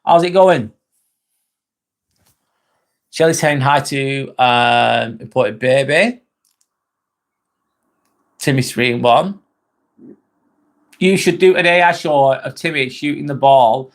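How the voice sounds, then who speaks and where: A man's voice: mid-range voice, slow, long pauses. Chatty English man hosting a live stream. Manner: chatty, swears casually, laughs often. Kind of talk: casual live chat reading comments.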